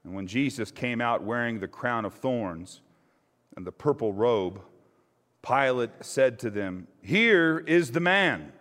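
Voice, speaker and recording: A male pastor delivers a conversational sermon and reads scripture in a church sanctuary, speaking hesitantly with fillers. His voice is on the low side and unhurried, and the recording carries a long church reverb.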